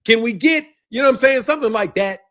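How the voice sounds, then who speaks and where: A man hosting a commentary channel, ranting loudly and profanely and laughing often between lines. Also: extremely high pitch, quick pace. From United States. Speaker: boxing commentary channel host.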